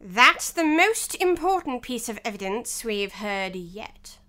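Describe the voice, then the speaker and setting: A woman voicing a fussy, pompous king of cards who talks slowly and mutters to himself. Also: a little high, sing-song, bright, forceful tone, heavily acted. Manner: slow, muttering, self-satisfied.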